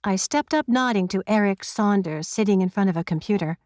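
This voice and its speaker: A woman narrates a first-person crime audiobook close to the mic, in a wry, conversational storytelling manner. Her mid-range voice has a darkish tone and a brisk pace, and the recording is dry.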